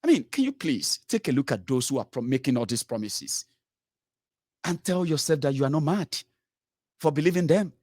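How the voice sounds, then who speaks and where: A man's voice: fairly high pitch, normal speed, no room sound, clean studio sound. A Nigerian-accented man ranting through political commentary for his vlog, mixing pidgin into his English. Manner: animated, mixes pidgin into English.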